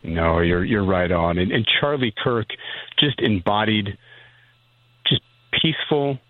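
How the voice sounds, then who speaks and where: A man's voice: lowish voice, measured pace, no echo. A middle-aged man, a physician guest, speaking earnestly and somberly in a phone-in interview. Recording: tinny phone line.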